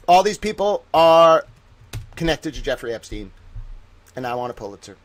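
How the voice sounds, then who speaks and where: A man streaming live, reading profiles aloud and ranting with excitable, profane mock outrage. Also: a little high, fast talker. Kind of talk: live-stream commentary while reading online.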